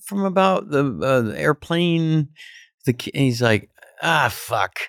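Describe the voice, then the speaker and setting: A middle-aged male comedian telling a backstage anecdote in an animated, profane way, acting out the people he quotes. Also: on the high side, a little slow, gravelly, clear, resonant tone, no room sound, studio quality. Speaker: comedian guest. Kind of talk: storytelling anecdote.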